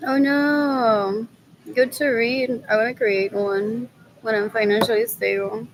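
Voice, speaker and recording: A woman's voice: fairly high pitch, steady tone, a little slow, background noise. A woman vlogging in a loose, rambling monologue, muttering scornful remarks and repeating the same phrases over and over. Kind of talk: casual rambling monologue to viewers.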